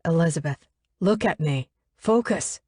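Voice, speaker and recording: Urgent protective young man read by a woman; firm, demanding, low. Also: measured pace, a little mellow, no room sound, clean studio sound. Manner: firm, commanding.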